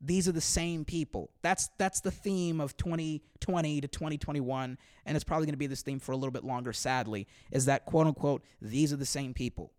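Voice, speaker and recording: A man's voice: fairly high pitch, fairly even intonation, a little fast, few pauses, a little mellow, no echo, studio quality. A man, a comedian on a podcast, ranting heatedly with lots of swearing and repeated words. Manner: heated, profane, repeats words when worked up. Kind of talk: podcast rant. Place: Los Angeles.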